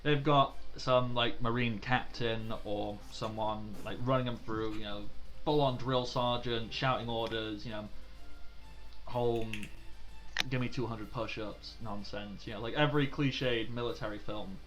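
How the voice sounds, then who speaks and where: Chatty male game master, bright voice. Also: mid-range voice, steady tone, measured pace, soft background music. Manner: chatty, laughs often, many fillers. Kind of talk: narrating a tabletop game.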